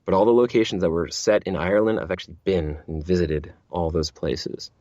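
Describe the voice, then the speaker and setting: A man's voice: sits low, steady tone, brisk, darkish tone, no room sound, highs cut off. A man who narrates audiobooks, chatting as an interview guest, rambling with many restarts and repeated words. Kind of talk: casual interview chat.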